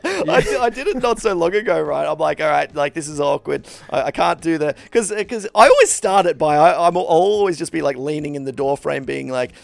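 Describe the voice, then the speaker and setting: Young man, casual rambling chat, self-deprecating; fairly high voice with a gravelly edge. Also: lively intonation, a little fast, dry recording. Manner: rambling, self-deprecating, acts out little dialogues.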